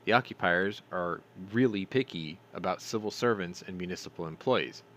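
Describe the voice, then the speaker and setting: Deep-voiced sarcastic man reading news. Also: a bit bright. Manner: sarcastic, swears, stumbles over names. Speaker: news commentary host. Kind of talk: reading news with profane commentary.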